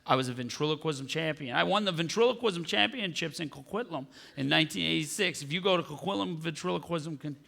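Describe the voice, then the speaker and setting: A man doing stand-up comedy on a large theater stage, talking in an animated way and jumping into high squealing impressions, with audience laughter behind him. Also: fast, creaky, few pauses.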